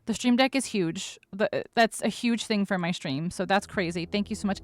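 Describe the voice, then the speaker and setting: Woman streamer, middle pitch, flustered gushing chat, near tears. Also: animated, fast, few pauses, dry recording. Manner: flustered, gushing thanks to viewers, stumbling over words. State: overwhelmed, close to tears. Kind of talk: casual live-stream chat.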